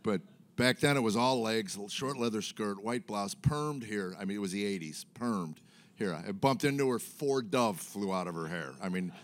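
A man's voice: lowish voice, normal speed. A middle-aged man doing a stand-up comedy set on stage, telling rambling, self-mocking stories full of fillers. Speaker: stand-up comic. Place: comedy stage before a live audience.

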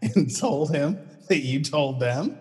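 A middle-aged man hosting a casual chat, relaxed and teasing, who laughs often. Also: fairly high pitch, slow, big-room sound.

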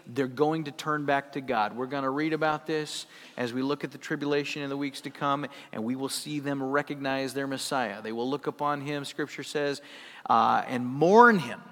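A man's voice: medium pitch, steady tone, normal speed, hardly any pauses. A man preaching a sermon as a pastor, teaching emphatically and asking rhetorical questions of his congregation. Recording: long hall reverb.

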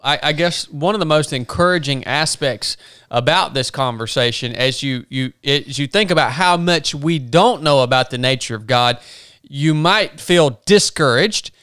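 A man with a slightly high, smooth voice hosts a faith discussion. He speaks earnestly and turns to his listeners to encourage them. The recording is dry and close. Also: fairly bright tone, dry recording. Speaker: podcast host. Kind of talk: encouraging podcast talk.

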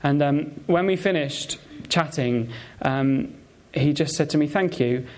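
A man giving a conversational sermon full of personal stories, talking in a halting way with many fillers and restarts. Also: fairly high pitch. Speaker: preacher.

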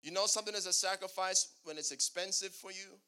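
A man's voice: sits high, fairly even intonation, quick pace, pushed and bright, clean tone. A male pastor preaching a sermon, calling out to the congregation and asking it to answer back. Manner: preaching with call-and-response to the congregation.

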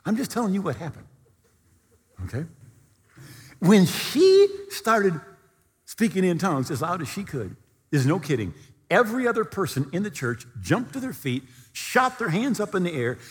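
A man preaching a storytelling sermon, animated and at times near-shouting. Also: fairly high pitch, fairly quick, slightly rough, big-room sound.

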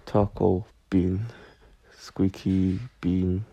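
A man's voice: sits low, little pitch movement, very slow, creaky, mellow, no echo, dull audio. A young man hosting a podcast from his bedroom, rambling in a goofy, self-mocking way. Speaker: podcast host. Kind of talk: rambling solo podcast chat. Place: bedroom, on a squeaky bed.

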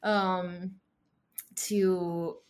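Speaking very slowly in a flat delivery, a young woman from the United States talks about the news in a casual, concerned, chatty way, using many fillers. Her voice is lowish with a darkish tone.

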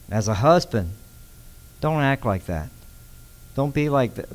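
A pastor from Texas giving a relaxed, conversational sermon, using slang and often restarting his sentences. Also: mid-range voice, unhurried, pauses often. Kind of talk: casual sermon teaching.

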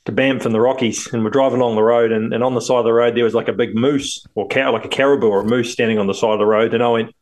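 A man's voice: medium pitch, steady tone, rapid-fire, hardly any pauses, darkish tone. A man co-hosting a podcast, easygoing and chatty, telling stories. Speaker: podcast co-host. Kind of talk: casual chat.

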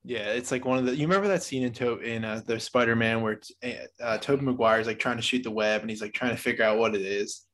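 Male podcast co-host, easygoing, joking asides, mid pitch. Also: fast talker, hardly any pauses, a bit bright. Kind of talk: casual pop-culture podcast chat.

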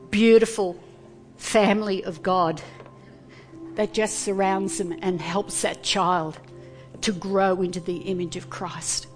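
A woman pastor giving a sermon, earnest and deliberate, pausing between phrases. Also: medium pitch.

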